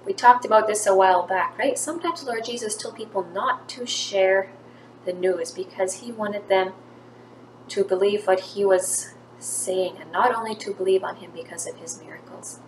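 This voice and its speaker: A woman's voice: medium pitch, normal speed. A woman teaching a third-grade class, telling a Bible story to children and acting out the quoted lines. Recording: echoey room, faint background noise.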